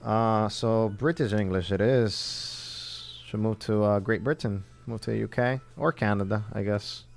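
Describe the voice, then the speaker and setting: A man's voice: lowish voice, fairly even intonation, a little slow, gravelly. A man from the southern United States chatting casually on a livestream while building a phone kit, rambling and thinking aloud as he works.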